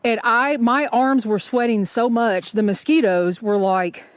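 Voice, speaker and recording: A woman's voice: fairly high pitch, unhurried. A woman talking in a chatty, rambling way with many fillers, vlogging outdoors while section hiking a forest trail. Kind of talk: casual trail vlog.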